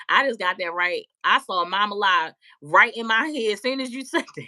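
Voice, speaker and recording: A woman tarot reader chatting casually on a live stream, loud and profane, often laughing and talking back to her chat. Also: mid-range voice, lively intonation, normal speed.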